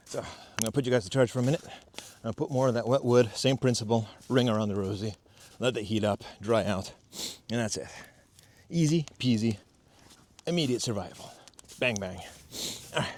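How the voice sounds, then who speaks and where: A man's voice: on the low side, a little mellow, slight background noise. Laid-back, cursing outdoor DIY guy. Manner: chatty, profane, self-mocking, explains as he works. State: has a cold. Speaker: DIY homestead vlogger. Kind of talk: casual outdoor tutorial vlog. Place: outdoors at a fire pit in a valley.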